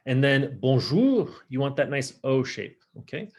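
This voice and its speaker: A man teaching a casual online French class, chatty and upbeat, slowing down to model pronunciation. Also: medium pitch, very animated, darkish tone, breathy edge. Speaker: high school French teacher.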